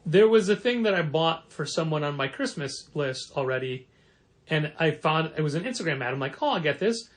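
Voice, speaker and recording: A man with a fairly high voice co-hosts a comic shop podcast in loose, chatty banter. He gets animated and acts out quoted remarks in a raised, mocking tone. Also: a little fast. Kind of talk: casual podcast chat.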